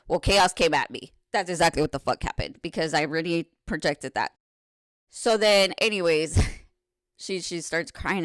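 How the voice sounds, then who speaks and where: A woman with a low, smooth, resonant voice tells her personal story on a podcast, candid and salty with her language. She rambles and corrects herself, rising loud and animated in places and dropping to a hush when she confesses, all in a dry, close sound. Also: dry recording. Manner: frank and profane, rambling and self-correcting; swings between loud animated retelling and soft hushed confession.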